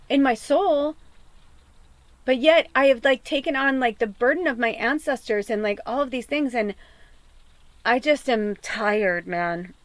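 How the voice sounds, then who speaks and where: A woman's voice: sits high, no room sound. A woman podcast host and medium venting in a raw, tearful personal monologue, swearing often.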